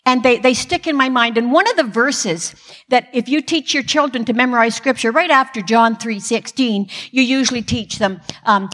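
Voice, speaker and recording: An older woman speaks to a gathering with a self-deprecating, comic delivery. She has a slightly high voice. The sound carries a long reverb from a large hall. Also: brisk, a bit bright. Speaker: Christian speaker. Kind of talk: humorous inspirational talk.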